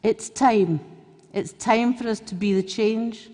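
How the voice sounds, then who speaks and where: A woman's voice: on the high side, slow pace, dark tone. A Glasgow woman giving an off-the-cuff political speech at a conference, blunt and chatty, joking and letting slip the odd swear word. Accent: Scottish, Glasgow. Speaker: conference speaker. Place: conference hall. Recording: reverberant conference hall.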